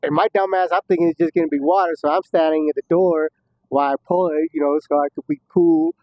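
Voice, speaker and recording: A man's voice: a little high, fairly even intonation, fast. A man casually telling a story from prison, heavy on profanity, laughing at times and acting out what others said. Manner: profane, laughing, acts out quoted voices. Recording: dull muffled dry audio.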